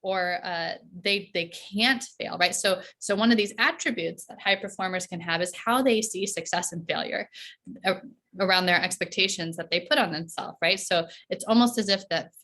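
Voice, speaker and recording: A woman's voice: lowish voice, moderate pace, fairly bright tone. A woman performance coach talking in a casual podcast interview, tagging her points with "right?" and laughing often. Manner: chatty, tags sentences with "right?" and laughs often.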